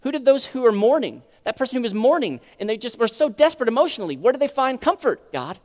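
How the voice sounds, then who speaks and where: Speaking quickly in a sing-song way, a preacher delivers his sermon like a conversational lesson. Rhetorical questions punctuate it as he swings between loud stress and soft lows, all with the long hall reverb of a church sanctuary.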